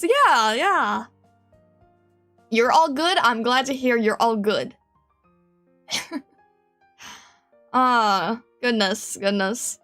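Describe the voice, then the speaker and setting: Over soft background music, a woman streamer has a casual chat with her viewers, her slightly high voice expressive and a bit bright at a measured pace. She giggles frequently and rambles, restarting again and again.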